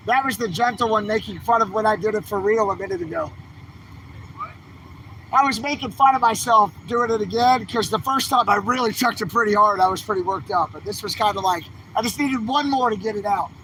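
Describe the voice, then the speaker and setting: A man's voice: high voice, fairly quick, bright, forceful tone, a little hiss or hum, poor audio. A man ranting angrily to his viewers, livestreaming from a city street outdoors. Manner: agitated, ranting, exhorting viewers. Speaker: livestreaming activist vlogger. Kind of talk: angry street vlog to camera.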